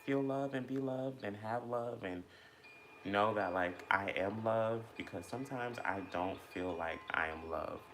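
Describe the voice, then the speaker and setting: A man's voice: on the low side, unhurried, fairly bright tone, slight background noise. A man chatting casually and reflectively while eating, rambling with many fillers as he thinks aloud about feelings. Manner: rambling, filler-heavy, introspective. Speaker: mukbang vlogger.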